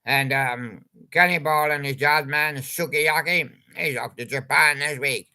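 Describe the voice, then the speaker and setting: A man's voice: fairly high pitch, fairly even intonation, measured pace, pushed and bright. An older man, rambling chattily about old pop songs and making jokey wordplay. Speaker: channel host.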